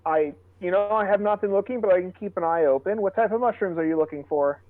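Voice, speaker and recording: High-voiced man on a tinny call. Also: fast talker, dry recording. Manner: friendly, diplomatic. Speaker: player. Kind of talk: in-character tabletop role-play.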